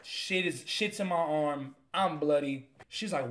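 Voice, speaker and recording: Young dude streamer rambling a funny story, bright voice, kinda high, swears a lot. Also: male voice, moderate pace, few pauses, faint music behind. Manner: joking, profane, rambling. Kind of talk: casual storytelling.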